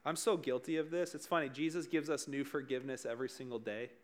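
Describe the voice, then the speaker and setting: A man's voice: mid-range voice, fairly even intonation, fast talker. A young man preaching as a youth pastor, talking casually, joking, and asking his listeners questions. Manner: joking, conversational, addresses the room directly.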